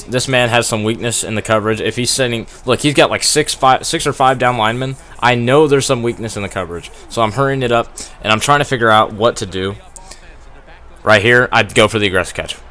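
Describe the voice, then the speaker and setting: A man's voice: mid-range voice, pushed and bright. A young man giving casual, rambling commentary over a football video game through a gaming headset, laughing at himself and getting worked up over plays. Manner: rambling, self-deprecating, laughs often, gets worked up. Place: at home playing on a TV.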